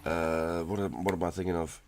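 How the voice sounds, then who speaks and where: Low-voiced kiwi dude just rambling on stream, loose and laid back, bit of music in the back. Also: male voice, steady tone, a little fast, a little mellow. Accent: New Zealand. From New Zealand. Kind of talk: casual live-stream chat.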